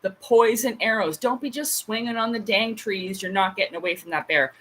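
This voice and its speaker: On a casual livestream, a woman in her late thirties rambles through stories and keeps adding asides. She speaks a little fast at medium pitch with a fairly bright tone. The low-quality recording carries a bit of hiss or hum.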